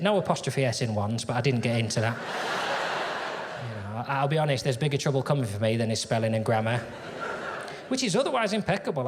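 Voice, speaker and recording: A male stand-up comedian, telling stories in a wry, conversational way on a theatre stage through a stage microphone. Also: on the high side. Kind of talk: stand-up routine. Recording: reverberant hall with audience noise.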